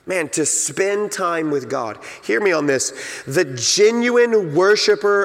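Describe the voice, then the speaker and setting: A man preaching a sermon as pastor, slow and emphatic, repeating his key phrases. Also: high voice, big pitch swings, in a large hall. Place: church sanctuary.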